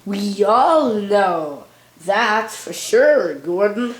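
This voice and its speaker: A woman voicing a male toy engine who fakes a Scottish accent, speaking slowly and haltingly. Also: mid-range voice, lively intonation, echoey room. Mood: bluffing. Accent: put-on Scottish.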